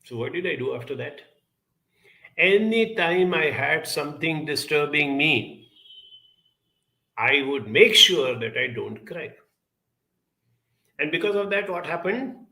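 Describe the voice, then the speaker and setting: A man with a gravelly, bright voice talks earnestly as a program guest. He tells a childhood story and poses rhetorical questions in a reflective way. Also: fairly high pitch, animated, a little slow, pauses often. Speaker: guest speaker.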